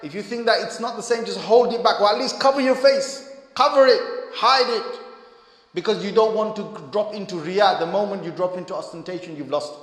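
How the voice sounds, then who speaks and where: A man with a high voice delivers a sermon in a mosque hall with a long, echoing reverb. He mixes comic, self-mocking asides with hushed, earnest pleas. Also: fairly quick. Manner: humorous, acts out self-mocking asides, then turns quiet and earnest. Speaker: preacher.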